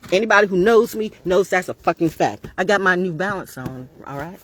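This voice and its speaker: This woman broadcaster talks brisk and animated in a lowish voice, ranting at her vlog audience. She leans on repeated phrases and heavy profanity, with a little hiss or hum in the background.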